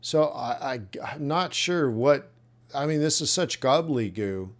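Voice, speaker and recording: A man's voice: medium pitch, expressive, unhurried. A man coaching traders in a live webinar, thinking aloud and reacting bluntly as he reviews trade plans. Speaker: trading coach. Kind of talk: live trading webinar commentary.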